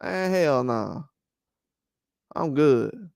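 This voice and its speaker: Male boxing host, high smooth voice, dry close sound, loose rambling trash talk. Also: extremely slow, no room sound. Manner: animated, rambling trash talk with frequent laughs. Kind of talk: casual boxing commentary livestream.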